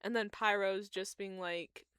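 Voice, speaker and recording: A woman's voice: medium pitch, steady tone, unhurried, fairly bright tone, clean tone, dry recording. A young woman chatting casually while she draws fan art, emotional and gushing, groaning and squealing. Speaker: streamer drawing fan art. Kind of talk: casual chat while drawing.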